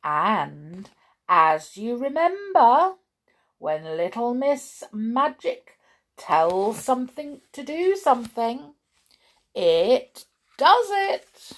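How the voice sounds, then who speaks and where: Slow, sing-song woman reading a storybook. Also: fairly high pitch. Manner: expressive, sing-song, with small slips. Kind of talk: reading a children's storybook aloud.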